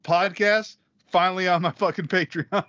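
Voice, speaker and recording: A man's voice: sits high, fairly even intonation, moderate pace, a bit bright, dry recording, highs cut off. A man co-hosting a comedy podcast over a call, bickering back in defensive, exasperated, crude banter. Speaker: podcast co-host. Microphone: remote call mic.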